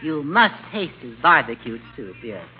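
A sly, wisecracking boy dummy, as a man puts him on, jumps high and lively as he teases. The voice sits well above an ordinary man's. It comes through a muffled, hissy old radio broadcast. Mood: teasing. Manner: sly, teasing, quick comebacks.

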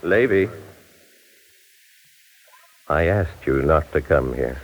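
A man's voice: a bass voice, lively intonation, full character voice. A grave, protective father. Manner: slow, pleading, firm. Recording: dull old recording with long reverb.

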